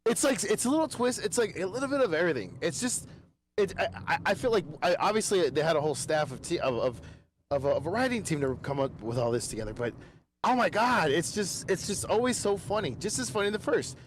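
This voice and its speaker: A man with a high, very lively voice co-hosting a casual podcast. He talks excitably and restarts his sentences often. A faint noise sits under the voice. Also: fast talker. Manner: excitable, lots of fillers and restarts. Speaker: podcast co-host. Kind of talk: casual sports and pop culture chat.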